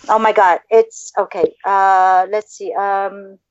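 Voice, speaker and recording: A woman's voice: mid-range voice, level tone, takes it slowly, smooth, no room sound. A woman hosting a casual podcast chat, gushing and effusive, cooing to pets on a video call. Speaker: podcast host. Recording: dull lo-fi dry sound.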